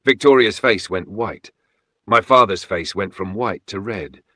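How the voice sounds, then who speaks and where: A man giving dramatic scripted first-person narration of a folktale, steady and close to the mic. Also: lowish voice, measured pace, no room sound.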